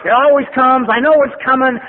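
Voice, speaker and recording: An older man telling his own recovery story at a meeting, blunt and profane, with wry humor and animated bursts. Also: very high-pitched, brisk. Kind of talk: personal testimony talk with storytelling. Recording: phone-like lo-fi archival tape with faint hiss.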